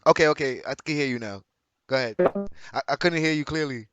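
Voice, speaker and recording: A man hosting a live call-in show, relaxed and chuckling as he checks on the caller's connection. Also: mid-range voice, quick pace, clean tone, no echo, dull audio. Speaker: host.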